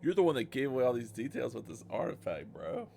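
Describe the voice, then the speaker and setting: A man's voice: mid-range voice, big pitch swings, fast, gravelly, dark tone, slight background noise. A man playing in a tabletop game, joking and bantering with the table. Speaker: player. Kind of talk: casual table chat.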